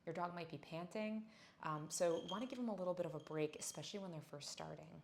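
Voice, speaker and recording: A woman teaching a dog yoga class, speaking gently and encouragingly, with frequent praise for her dog. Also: lowish voice, quick pace, creaky. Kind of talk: instructional class talk. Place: indoors on a yoga mat.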